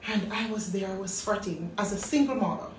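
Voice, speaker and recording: A woman in her thirties with a Jamaican accent, telling a personal story in a lively way and acting out what people said. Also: mid-range voice, a little fast, a little hiss or hum. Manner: animated storyteller acting out quotes. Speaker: business talk host. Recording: roomy, distant mic.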